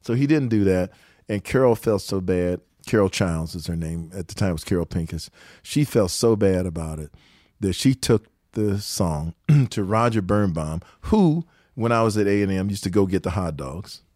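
An older man, a guest musician, telling anecdotes from his career in an animated way, often laughing and acting out other people's words. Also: low voice, moderate pace, no echo, studio quality. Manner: animated storyteller who acts out quotes and laughs often. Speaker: guest musician, guitarist and songwriter. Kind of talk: storytelling interview anecdotes.

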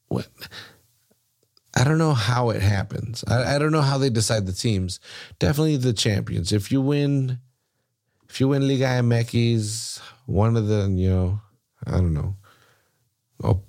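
Low-voiced man, podcast host, loose profane rants with sudden pitch jumps. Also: darkish tone. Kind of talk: casual profane commentary.

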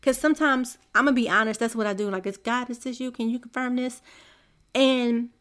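A woman's voice: a little high, fairly even intonation, a little fast, smooth. A mother hosting a faith podcast, speaking in an earnest, confiding monologue to her listeners. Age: young adult to middle-aged, a mother. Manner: earnest, confiding, soft-spoken. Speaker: podcast host.

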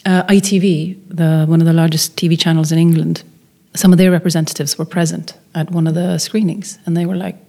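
A middle-aged Norwegian filmmaker, a guest in an interview, tells a story and acts out the voices of the people she quotes. Her voice is on the low side with vocal fry, and she talks a little fast with few pauses.

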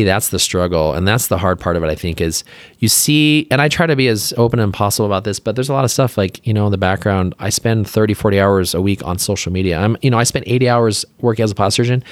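Here a low-voiced man, a plastic surgeon from Utah in the US, appears as a podcast guest with no room sound. The conversation is casual, rambling, filler-laden and openly emotional.

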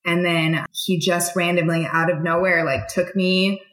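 A woman's voice: lowish voice, level tone, measured pace, fairly bright tone. A young adult woman, a military veteran, telling her own story in a frank, conversational way with many fillers. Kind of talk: candid personal storytelling. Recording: echoey room.

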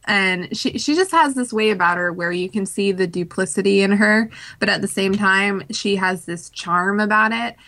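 A woman in casual podcast chat, thoughtful and measured. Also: mid-range voice, pushed and bright. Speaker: podcast co-host.

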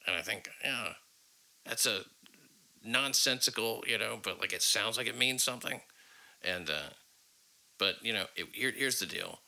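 Podcast host, man, deep and forceful, profane rambler. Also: lively intonation, moderate pace, gravelly, pauses often, poor audio. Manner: rambling, profane, self-deprecating. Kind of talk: casual podcast chat.

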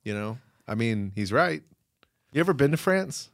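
A man's voice: mid-range voice, sing-song, normal speed, vocal fry, dry recording, clean studio sound. A man co-hosting a podcast, riffing in a sarcastic, jokey way in casual conversation. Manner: sarcastic, riffing with absurd jokes. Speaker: podcast co-host. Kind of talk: casual comedic chat.

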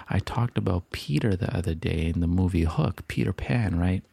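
A man giving a calm, reflective motivational talk, repeating affirmations and sometimes dropping into a soft whisper. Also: low voice, measured pace, gravelly, husky, dry recording. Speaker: motivational speaker.

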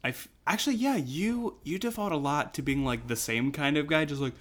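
A man's voice: a little high, animated, brisk, a bit bright. A man hosting a podcast, chatting casually with a guest. He talks in loose, self-interrupting bursts and laughs often. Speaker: podcast host. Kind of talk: casual chat.

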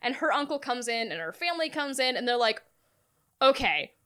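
Lively woman gushing about a book, super bright voice, swings all over in pitch. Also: quick pace. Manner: animated, laughing storyteller who swears freely. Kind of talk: casual chat, retelling a book's plot.

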